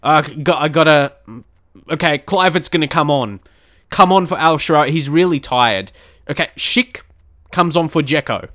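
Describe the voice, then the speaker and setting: A young man giving live, excitable commentary on his own video game match, with quick outbursts of frustration. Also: a little high. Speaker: gaming channel host.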